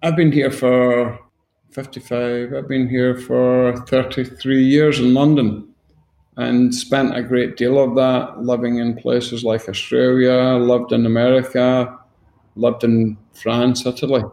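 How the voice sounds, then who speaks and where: Gravelly Glaswegian man, blunt and sweary. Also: mid-range voice, level tone, slow, warm tone, echoey room. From Scotland. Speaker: guest. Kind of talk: casual interview chat.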